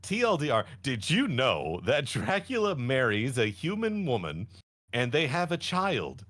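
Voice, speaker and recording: Podcast co-host, man, lively storyteller who slips into character voices and laughs a lot, voice swings up and down. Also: medium pitch, measured pace. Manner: laughing often, acting out characters with exaggerated voices. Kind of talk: casual chat, animated retelling.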